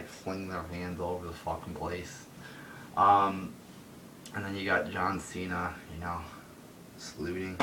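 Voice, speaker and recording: With a pushed, bright voice, a man rants into his phone in a solo wrestling review, rambling and profane with lots of fillers. He's far from the mic, so there's roomy echo and a faint rumble.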